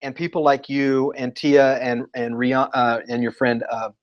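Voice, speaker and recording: A man talking as a guest educator in a casual interview, telling lively stories and acting out what people said. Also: medium pitch, a little slow, highs cut off. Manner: animated storyteller, acts out quotes.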